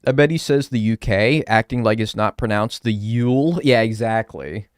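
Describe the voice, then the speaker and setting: A man's voice: on the low side, normal speed, clean tone, no room sound, studio quality. A young man live-streaming a game, chatting casually and sarcastically with chat and swearing now and then.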